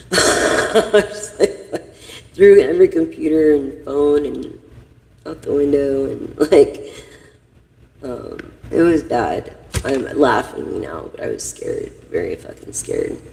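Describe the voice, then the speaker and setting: A woman's voice: extremely low pitch, very animated, slow, creaky, dark tone, big-room sound, poor audio. A woman doing a casual tarot reading for her viewers, giving blunt, profane, rambling advice. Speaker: intuitive tarot reader.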